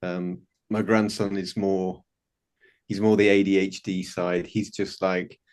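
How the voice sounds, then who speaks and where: Fifties man, video call from home, warm rambling storyteller, frequent restarts. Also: sits low, flat delivery, a little slow. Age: 50s. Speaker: participant sharing a story. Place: home bedroom.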